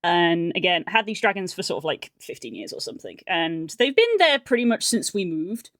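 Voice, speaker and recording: A woman's voice: lowish voice, sing-song, fairly quick, no echo, studio quality. A young woman livestreamer telling a casual story on stream, rambling and chatty with lots of fillers and restarts.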